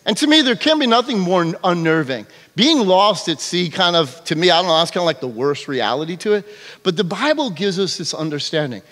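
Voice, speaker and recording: A man's voice: high voice, a little fast, in a large hall. A male pastor preaching a sermon in a church, telling stories with animation and often checking in with "okay?". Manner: animated storytelling, frequent "okay?" check-ins. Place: church sanctuary.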